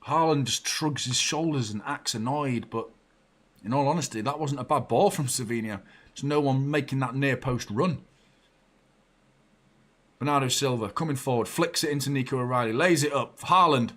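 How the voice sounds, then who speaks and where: Male watchalong host, young adult, sweary, swings from shouting to mumbling. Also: normal speed. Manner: excitable and sweary, jumping from shouts to low muttering. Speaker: football fan channel host. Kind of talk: live match watchalong commentary.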